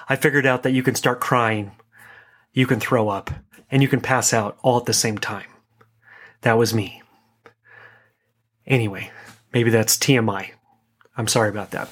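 A man's voice: medium pitch, fairly bright tone. A man gives a conversational talk, telling self-deprecating stories with rambling asides. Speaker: speaker giving a talk on life transitions.

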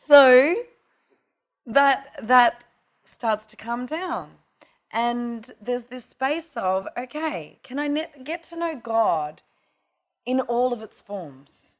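A middle-aged woman teaching tantra in a casual, profane, animated way, acting out little voices as she talks. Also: a little high, slow pace. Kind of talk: casual spiritual talk.

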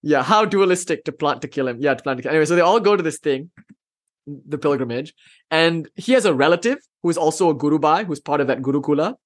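A man telling a legend in a lecture, casual and slangy, with lively retelling. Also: on the high side, fast. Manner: casual and slangy, with bursts of swearing and laughter. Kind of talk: storytelling lecture.

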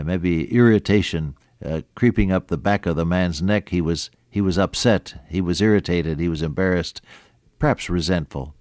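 A man's voice: deep voice, darkish tone, dry recording, studio quality. A man preaching a sermon, telling stories and explaining scripture in a conversational way with rhetorical questions. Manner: conversational storytelling with Greek word study.

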